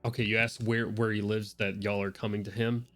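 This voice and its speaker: A man running a tabletop game as game master, speaking in a casual, relaxed way. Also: on the low side, brisk.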